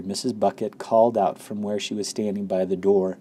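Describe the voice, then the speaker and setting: A man's voice: lowish voice, steady tone, moderate pace, hardly any pauses, warm tone, husky. A man reading a children's book aloud expressively, with occasional slips. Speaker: reader.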